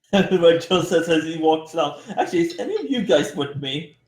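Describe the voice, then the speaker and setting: A man's voice: fairly high pitch, sing-song, normal speed, echoey room. A man playing in a tabletop game, swearing freely and laughing often. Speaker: player voicing an orc businessman. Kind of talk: tabletop role-play banter.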